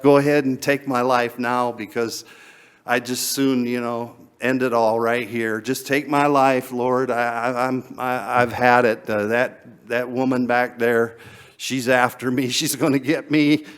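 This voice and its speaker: A man voicing a weary male prophet who begs to die, in a halting, stammering lament. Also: mid-range voice, flat delivery, clear, resonant tone, voice pushed down, close to an everyday voice. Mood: despairing.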